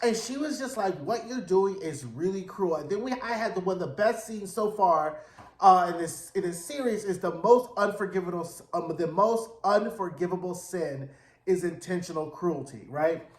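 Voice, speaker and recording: A man's voice: sits high, moderate pace, roomy sound. A man giving a casual, slangy recap of a TV episode, telling it with sass and drama. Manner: sassy, slangy, dramatic storytelling. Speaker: TV recap reviewer.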